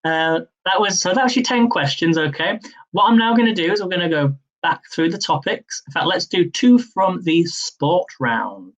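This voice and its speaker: A young man hosting a live-streamed quiz, reading each question slowly, repeating it, and adding chatty asides. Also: high voice, lively intonation, dull audio. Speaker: quiz host.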